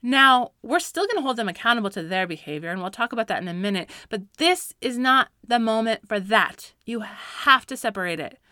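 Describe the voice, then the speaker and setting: Bright-voiced mother giving faith-based parenting advice. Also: fairly high pitch, no echo, clean studio sound. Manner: earnest and encouraging, with light laughs and filler words. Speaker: Christian parenting speaker, mother.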